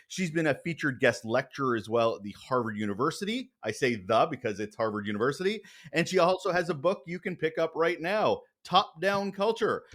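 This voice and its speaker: A man hosting a workplace podcast, introducing his guest with playful asides. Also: a little high. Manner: lively, playful delivery with asides. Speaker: podcast host. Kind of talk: podcast interview.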